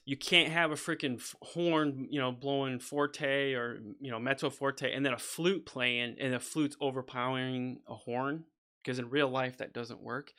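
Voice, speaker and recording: A man talks through his music session on a livestream, rambling and opinionated, often restarting his sentences. His voice is bright and a little tense, and he sits in a home studio as he works. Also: medium pitch. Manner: rambling, restarts often, says "freaking" and "you know"; opinionated, goes off on a soapbox. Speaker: composer streaming a session. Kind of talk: casual livestream talk while working.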